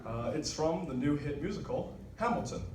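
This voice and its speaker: A man's voice: a little high, expressive, moderate pace. A young man, a cabaret singer, telling a wry comic story between songs at a live venue. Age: young adult. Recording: echoey live room, far mic, loud piano.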